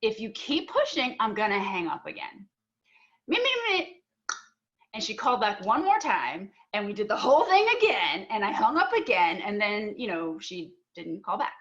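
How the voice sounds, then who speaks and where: Speaking at normal speed with few pauses, this young woman on a panel has a mid-range, sing-song voice, though the audio is dull. Her earnest personal story plays out both sides of an argument, full of fillers and restarts.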